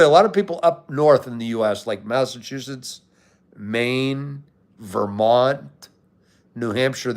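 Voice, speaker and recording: An American man hosting a livestream, chatting casually with viewers in a laid-back way and swearing now and then. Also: mid-range voice. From United States. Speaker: livestream host. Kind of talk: casual live chat answering viewers.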